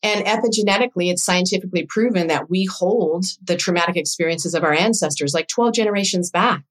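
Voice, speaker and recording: On a podcast, a woman who works as a doula coach recounts something from her own life, chatting casually and bringing quoted lines to life with feeling. She speaks quickly in a lowish register, captured on a poor-quality recording.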